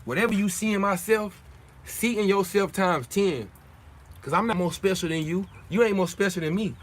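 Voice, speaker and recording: A young man hosts a livestream in a husky, slightly high voice. He preaches in casual street slang and circles back to repeat his points. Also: normal speed. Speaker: livestream host.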